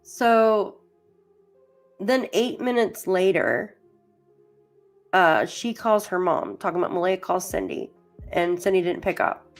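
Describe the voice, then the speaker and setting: Chatty, lower-pitched woman livestreaming. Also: takes it slowly, long pauses, soft background music. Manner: chatty and rambling, heavy use of "like"; addresses chat viewers by name. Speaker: true crime livestream host. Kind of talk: casual livestream commentary reading case documents.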